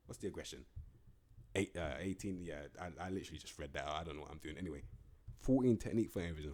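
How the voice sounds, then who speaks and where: A man's voice: low-pitched, slightly rough. A young man giving casual, slangy, rambling commentary on a video game. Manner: slangy, rambling, animated banter. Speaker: gaming YouTuber.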